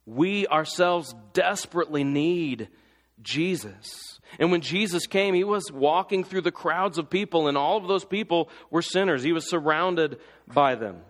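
A man's voice: on the high side, unhurried, fairly bright tone. A man preaching a sermon, impassioned and full of rhetorical questions. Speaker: pastor. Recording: long hall reverb.

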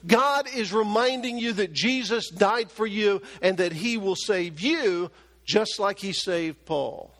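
Pastor, male, high voice, emphatic repetitive preaching, long hall reverb. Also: fairly bright tone. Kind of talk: sermon. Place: church hall.

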